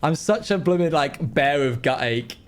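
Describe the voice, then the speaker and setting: His voice a bit high and animated, a young streamer talks playfully to viewers while gaming live, chatty and full of rapid asides and excited outbursts.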